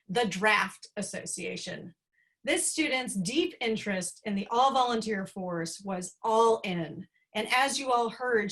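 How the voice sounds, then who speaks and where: A woman's voice: a little high, a bit bright. Playful woman presenting awards. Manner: dry, playful delivery of jokes. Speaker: faculty presenter of student awards. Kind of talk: humorous award presentation speech.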